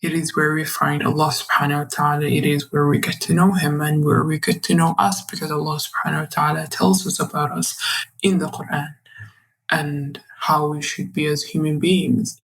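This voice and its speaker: A woman guest on a podcast, earnestly telling a personal story of faith, halting and restarting, often dropping close to a whisper. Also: low-pitched, little pitch movement, breathy edge, rough recording.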